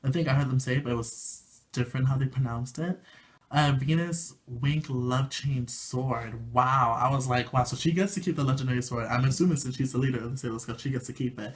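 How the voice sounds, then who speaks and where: A man chatting through a casual video review in a middle-pitched voice, rambling with fillers and restarts. He gushes eagerly, sometimes trailing into quiet murmurs and sometimes jumping up into high squeals. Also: a little fast. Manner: excitable, gushing, swings from soft murmurs to high squeals. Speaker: anime reviewer.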